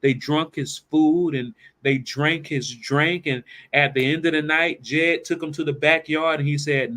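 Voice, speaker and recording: A man's voice: on the high side, fairly even intonation, a little slow, hardly any pauses, sharp tone. A man speaking as a financial planning speaker, telling a story in a conversational way and asking rhetorical questions. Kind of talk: storytelling talk to camera.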